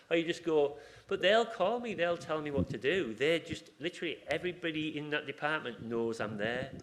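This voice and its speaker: With a little hiss or hum in the background, a man speaks animatedly at normal speed in a fairly high, bright voice. He works as an acupuncturist with a hospital surgery team and, at a conference with audience questions, casually reenacts ward conversations.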